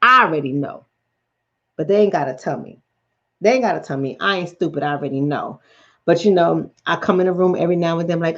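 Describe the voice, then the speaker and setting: A woman's voice: fairly low pitch, brisk. A middle-aged woman from the Bronx with a New York accent, a relationship coach telling stories bluntly and profanely on a late-night stream. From the Bronx, New York City. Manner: blunt, profane, animated storytelling. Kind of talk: late-night livestream chat. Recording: dull lo-fi sound.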